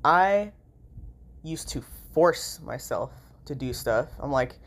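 A woman's voice: deep voice, lively intonation, slow pace. Woman vlogging, nasal voice, sleep-deprived and tired, rambling, swears a lot. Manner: rambling, peppered with "like" and "you know", swears freely. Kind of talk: casual vlog monologue.

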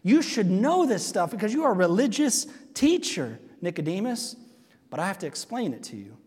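A man's voice: high voice, very animated, normal speed, darkish tone, husky, long reverb tail, exaggerated voice. A man acting out an exasperated male teacher who explains things patiently during a sermon.

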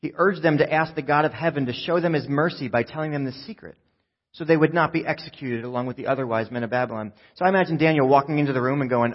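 A man delivers a sermon in a slightly husky voice, bringing a scripture story to life by acting out the characters. The recording sounds a little dull and lo-fi. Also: mid-range voice, fast talker. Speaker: pastor.

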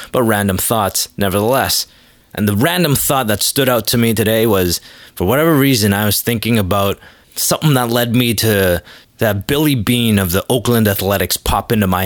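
Crude self-mocking man with a low voice. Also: moderate pace, no room sound. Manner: crude, self-deprecating, offhand. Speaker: podcast host. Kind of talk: rambling comedic monologue.

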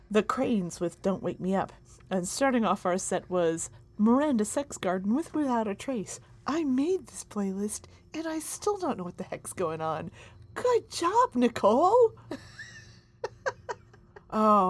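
A woman's voice: medium pitch, lively intonation. A woman hosting a music podcast, chatting casually and teasing between songs with a playful manner. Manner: playful, teasing, quick to laugh. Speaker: podcast host and DJ.

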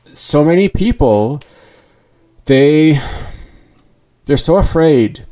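A man's voice: a little high, lively intonation, drawn-out words, darkish tone. A man speaking candidly in a personal monologue, earnest and rambling, often restarting his sentences.

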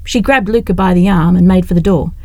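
A woman narrating an audiobook in a brisk, expressive way. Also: fairly low pitch, no room sound.

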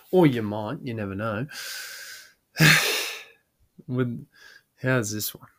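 A man's voice: mid-range voice, drawn-out words. An Australian man hosting a podcast, telling a rowdy pub story casually, swearing and laughing as he acts out the people in it. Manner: swearing, laughing yarn-teller with quoted voices. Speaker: podcast host.

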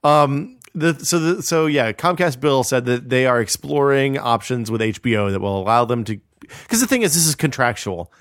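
A man's voice: medium pitch, expressive, moderate pace, no room sound, clean studio sound. A man co-hosting a tech podcast in casual chat, tossing in wry, joking asides. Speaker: podcast co-host.

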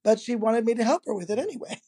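A man, a guest in an interview, telling a personal anecdote in a lively, casual way, laughing often and acting out the quoted dialogue. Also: extremely high pitch, fast, breathy edge. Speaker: interview guest, energy healer.

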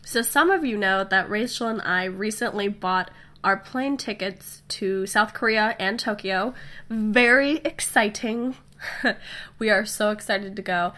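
A woman's voice: medium pitch, a bit bright. A young woman with a cold, her voice nasal and stuffy, hosting a casual, chatty podcast episode on her own. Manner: chatty and upbeat, with fillers and small laughs. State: sick with a stuffy nose. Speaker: podcast host. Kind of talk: casual solo podcast talk.

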